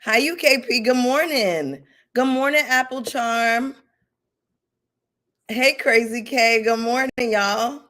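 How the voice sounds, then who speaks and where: A woman hosting a casual live stream, sassy and animated as she greets her viewers by name and rants about reality TV. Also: fairly high pitch, slow pace. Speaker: YouTube commentary host.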